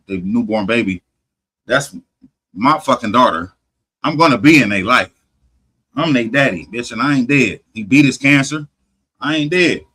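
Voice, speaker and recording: A man hosting a podcast, retelling a story in casual profane talk, animated, swearing heavily and restarting often. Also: mid-range voice, breathy edge, rough recording. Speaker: podcast host.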